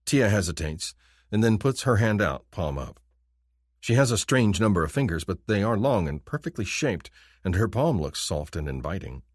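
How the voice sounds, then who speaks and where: A man narrating a romance audiobook in the first person, in an expressive, intimate manner. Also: sits low, moderate pace, slightly rough, no room sound, studio quality.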